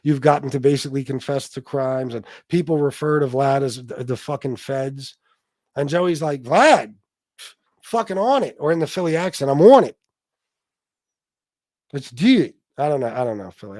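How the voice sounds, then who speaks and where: A man's voice: mid-range voice, a little fast, no room sound. Man hosting a livestream, blunt and profane, reading chat comments, dry close sound. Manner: blunt, profane, animated rants. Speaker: livestream host.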